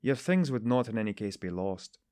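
Calm cold detective, ironic, measured, low voice, as a narrator puts him on. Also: male voice, no room sound. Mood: cool. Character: cool, ironic middle-aged male detective.

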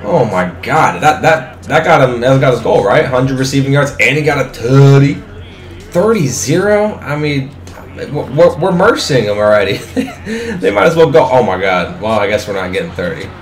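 A young man giving live, excitable commentary on his own football video game, swearing freely and talking at the screen. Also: medium pitch, normal speed, echoey room. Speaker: gaming commentator.

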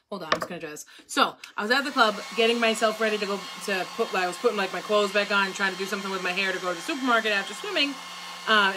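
A woman chats through a craft session, drifting from one story to the next and laughing often. She has a talkative, rambling manner. A hair dryer roars loudly behind her voice. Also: mid-range voice. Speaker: craft vlogger. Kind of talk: casual chat while crafting. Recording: loud hair dryer noise.

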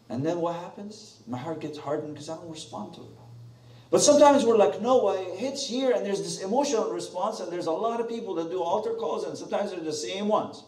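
A man preaches with an animated, rising and falling voice, firing questions at his congregation. His mellow tone carries through an echoey sanctuary, heard from a little way off the mic. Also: high voice, recorded from a distance. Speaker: pastor. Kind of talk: sermon. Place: church sanctuary.

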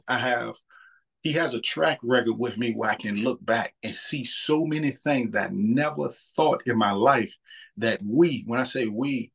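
A man's voice: mid-range voice, creaky, husky. A man, talking about faith in a casual, earnest way and often repeating words as he thinks. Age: 30s.

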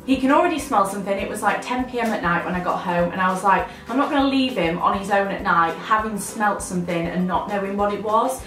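A woman's voice: medium pitch, fast, few pauses, fairly bright tone, reverberant, faint music behind. A woman, chatting to camera in a bubbly, rambling vlog. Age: 20s. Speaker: lifestyle vlogger.

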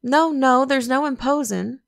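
A woman's voice: high voice, measured pace, vocal fry, pitched above the performer's own voice. A woman plays a keen young country gardener, earnest and obliging, full of plain rustic talk. He is heard in an audiobook reading.

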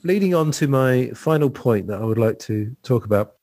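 A man's voice: mid-range voice, lively intonation, moderate pace, mellow. A man hosting a casual podcast conversation, chatty and thinking aloud with plenty of fillers. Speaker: podcast host.

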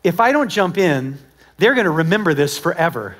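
A middle-aged American man preaching a sermon to a live congregation, telling stories with lively acted-out dialogue and swinging between loud calls and hushed asides. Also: fairly high pitch, a little fast. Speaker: pastor. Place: church auditorium with live congregation.

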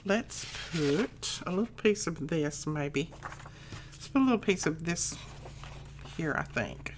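A chatty middle-aged woman with a lowish voice talks through her craft project in a relaxed, homey way. She rambles between stories and steps, with a faint hum of room ambience behind her. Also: slow pace. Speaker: crafting channel host. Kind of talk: casual crafting chat.

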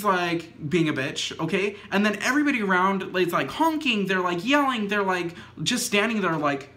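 Bright young woman rambling through a story. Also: lowish voice. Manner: says "like" constantly, swears freely; animated retelling with acted quotes. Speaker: vlogger. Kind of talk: casual storytime.

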